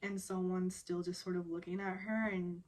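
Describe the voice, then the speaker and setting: A woman's voice: on the low side, moderate pace. Chatty woman recapping a drama. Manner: chatty, laughs often, animated when quoting characters. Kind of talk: casual recap narration.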